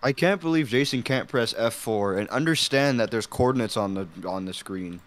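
A man's voice: mid-range voice, lively intonation, normal speed. A sleep-deprived man chatting casually on a game stream, joking, humming and singing along. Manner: goofy, hums and sings along, joking. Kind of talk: casual gaming stream chat. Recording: noisy home mic with keyboard clatter.

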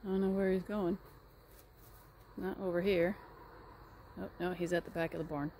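A woman who runs a horse rescue farm, filming a casual vlog outdoors on a handheld camera and chatting while she coaxes her horses in a high sing-song voice. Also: flat delivery, normal speed, warm tone, a little hiss or hum.

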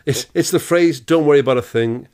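A man's voice: on the high side, a little fast, a little mellow, smooth. A man co-hosting a comic podcast, teasing and sweary in his banter. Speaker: co-host.

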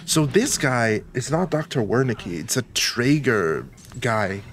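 A man's voice: mid-range voice, very animated, slow, fairly bright tone, a little hiss or hum. A man commenting on his own horror game playthrough, playful and jumpy, talking to himself as he sneaks around. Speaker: gaming YouTuber. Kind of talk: let's play commentary.

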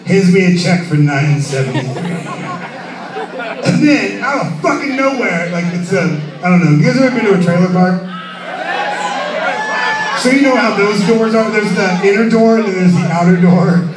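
A man telling a profane, animated comedic story on stage at a live music venue, often laughing mid-line. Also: high-pitched, moderate pace, a crowd in the background. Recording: roomy live venue, far from mic.

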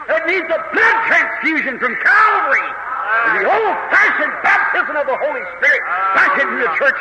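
A man preaching an impassioned revival sermon that builds to shouts, on an old 1950s tape in an echoey hall. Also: very high voice, slight background noise. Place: large church hall.

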